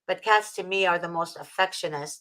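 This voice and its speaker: A woman's voice: fairly low pitch, brisk, pushed and bright, rough recording. A woman from Egypt chatting casually as host, emotional and gushing, with many fillers and restarts. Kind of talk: casual video-call chat.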